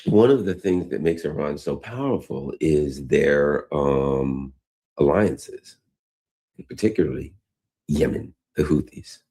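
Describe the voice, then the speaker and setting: A man's voice: a bass voice, slow pace, mellow, breathy edge. A man hosting a news commentary show, talking casually and rambling into old stories, with frequent restarts.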